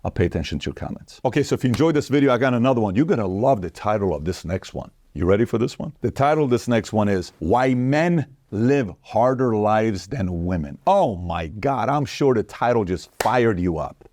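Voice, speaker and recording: A man hosting an opinion commentary, talking straight to viewers in an animated, mocking way. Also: fairly low pitch, a little fast, no room sound, studio quality. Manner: animated, mocking, acts out quoted women in a raised voice; addresses viewers directly. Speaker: host.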